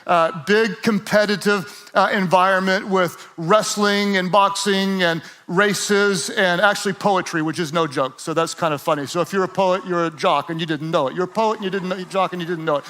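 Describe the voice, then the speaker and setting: At a moderate pace with few pauses, a man with a high voice preaches, drifting from casual asides into climbing, emphatic appeals and prompting listeners to echo his words.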